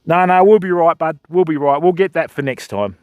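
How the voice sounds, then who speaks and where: A man's voice: fairly high pitch, a little fast, clean tone, no echo, phone-quality sound. A Western Australian man hosting a fishing livestream outdoors, bantering and joking with his chat. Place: outdoors by a river shore.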